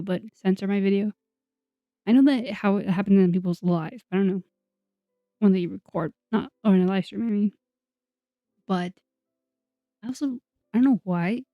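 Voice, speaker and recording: A woman's voice: medium pitch, no echo. Young woman YouTuber, chatty rambling voice-over, dry muffled mic, faint music behind. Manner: rambling, self-deprecating, frequent fillers and laughs. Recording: dull, dry sound under soft music.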